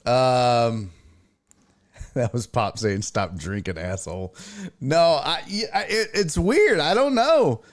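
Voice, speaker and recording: A man's voice: a little high, expressive, slow. A man hosting a live stream show, chatting casually and profanely and greeting viewers by name. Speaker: podcast host on a live stream. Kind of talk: casual chat, reading out live chat.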